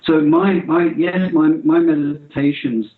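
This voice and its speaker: A middle-aged man talking about meditation in an interview, halting with many fillers and restarts. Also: a little high. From England. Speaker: interview guest. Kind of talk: spiritual interview talk. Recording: roomy, muffled lo-fi audio.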